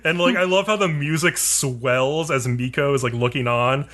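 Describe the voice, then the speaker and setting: Bright-voiced man rambling through an anime recap. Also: mid-range voice, normal speed. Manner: rambling, filler-heavy, profane, laughs often. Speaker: podcast co-host. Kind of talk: casual anime recap chat.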